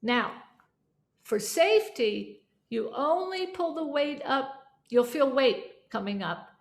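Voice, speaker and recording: High-voiced woman voice teacher. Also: expressive, slow, gravelly. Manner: demonstrates exercises aloud. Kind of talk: vocal coaching lesson. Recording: echoey room with faint instrument.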